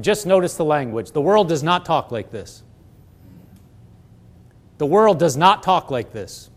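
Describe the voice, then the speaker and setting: A man preaching a sermon and reading scripture aloud, earnest and emphatic, slowing down to stress key phrases. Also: on the high side, very animated. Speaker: pastor.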